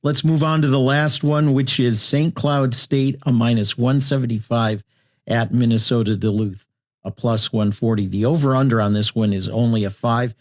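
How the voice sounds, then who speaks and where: A man's voice: medium pitch, normal speed. A man moderating a casual hockey betting chat, steadily running through odds and records. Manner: steady, lists stats methodically. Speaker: podcast host, moderator. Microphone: remote call mic.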